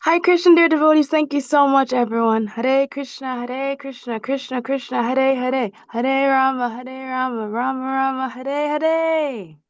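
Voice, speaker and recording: Woman, high voice, chanting on video call, lo-fi dry sound. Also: a little slow, few pauses, no room sound. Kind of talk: mantra recitation.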